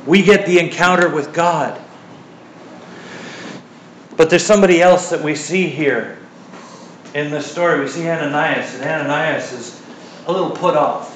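A man's voice: fairly high pitch, normal speed, long pauses. A middle-aged male preacher gives a sermon in a chatty, joking way, with a slightly raised voice. He is heard from a distance in a large hall that echoes strongly, with a faint room hum behind him. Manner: conversational, joking asides, animated retelling.

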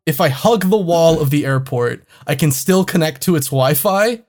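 A man telling a travel story in casual chat, animated and swearing often. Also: fairly high pitch, moderate pace.

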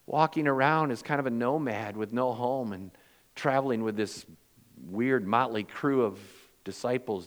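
A male pastor delivering a sermon, swinging from loud, emphatic lines to hushed, quiet ones, and acting out the voices in his stories. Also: medium pitch, long reverb tail. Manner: acts out quoted voices in storytelling.

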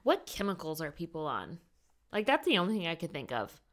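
A woman's voice: lowish voice, wildly swooping pitch, a little fast, a bit bright. A woman co-hosting a podcast in casual chat, giving short, dry reactions. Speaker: podcast co-host.

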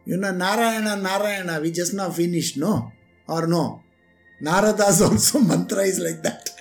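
A man with a high-pitched voice delivers a devotional discourse as a spiritual teacher. He tells stories animatedly and often turns to his listeners with rhetorical questions. Soft music plays faintly behind him. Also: moderate pace, creaky.

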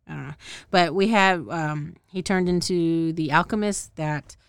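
A woman's voice: fairly low pitch, measured pace, clean tone, dry recording, studio quality. A woman casually recapping a show as a podcast host, rambling, swearing and often losing track of names. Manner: rambling, profane, laughs often; loses track of names and details.

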